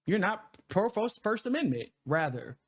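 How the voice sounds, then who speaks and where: This co-host is a man in his thirties with a high-pitched voice and a moderate pace. He goes on animated, profane rants in a casual commentary chat, laughing frequently.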